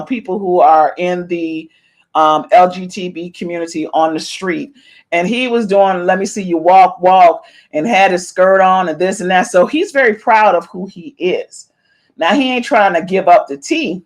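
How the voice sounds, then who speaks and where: A middle-aged woman hosting a podcast, giving chatty, animated celebrity gossip commentary and playfully meowing her catchphrase. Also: lowish voice. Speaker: podcast host.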